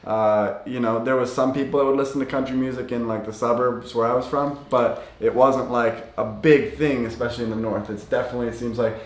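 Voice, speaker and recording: An upbeat young man from the northern United States hosts a casual interview chat. His voice sits at a middle pitch and bounces with enthusiasm. The room around him is echoey. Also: a little fast, few pauses. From northern United States, near Portland. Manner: upbeat, animated, lots of "like" and "you know". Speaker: host.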